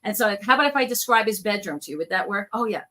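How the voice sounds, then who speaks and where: A woman speaks in a bright, forceful voice as she tells her stories. She acts out the people in them as she goes, in a casual, chatty way. She sounds like a guest on a video call. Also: mid-range voice, animated, fast. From New York. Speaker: guest, psychic medium. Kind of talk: casual storytelling interview.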